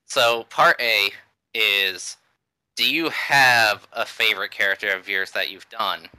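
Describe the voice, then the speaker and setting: A man's voice: on the low side, a little slow, bright, forceful tone, smooth, no room sound, rough recording. A man hosting a podcast interview, laid-back and laughing, with lots of fillers. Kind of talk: casual interview chat.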